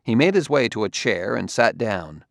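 A male audiobook narrator with a low voice reading in a measured, even way. The recording is dry and close. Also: vocal fry, dry recording. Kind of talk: scripted narration.

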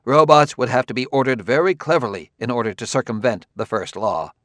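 A man voicing a haunted, defensive male robotics expert who swings between cries of protest and low mutters, read as an audiobook character. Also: brisk, a bit bright, no room sound, clean studio sound, natural voice.

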